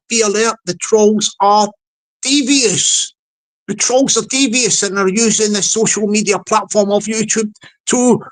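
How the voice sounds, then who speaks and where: A man's voice: very high-pitched, a bit bright. A man telling a mocking comic story to his viewers, acting out the people in it and often repeating himself. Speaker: channel host.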